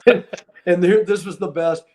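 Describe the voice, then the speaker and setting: A middle-aged man with a voice a little higher than most hosts a podcast and tells a story in a relaxed, animated way. He voices the people in his story himself. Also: normal speed. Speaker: podcast host and former wrestler. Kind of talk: casual storytelling chat.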